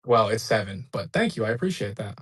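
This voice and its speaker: A man's voice: on the low side, big pitch swings, fast talker, fairly bright tone, breathy edge. A man debating on a stream, speaking in a smug, taunting way. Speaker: debate guest.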